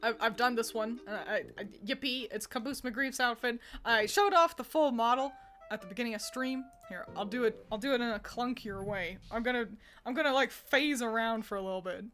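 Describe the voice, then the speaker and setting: Young American woman, casual stream chat, slightly high voice, giggly and rambling, faint music behind. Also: brisk, a bit bright. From United States. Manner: giggly, rambling, frequent laughter and restarts.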